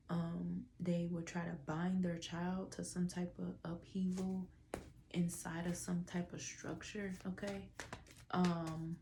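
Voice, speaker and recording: A woman's voice: lowish voice, level tone, unhurried, gravelly, dark tone, slight background noise. A woman giving a casual tarot reading to viewers, with a stuffy nose, drawling through fillers and dropping into whispers. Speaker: tarot reader.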